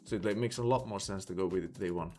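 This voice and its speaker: Low-voiced Swedish-accented man streaming. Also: rapid-fire, mellow. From Sweden. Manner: rambling, filler-heavy, thinking aloud. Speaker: livestreamer. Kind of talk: casual live-stream chat.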